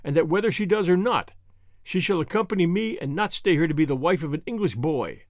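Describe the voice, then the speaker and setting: A man voicing a stubborn, bitter old Boer father who talks excitedly and rants. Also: on the high side, brisk, no echo, studio quality. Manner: excited, raving.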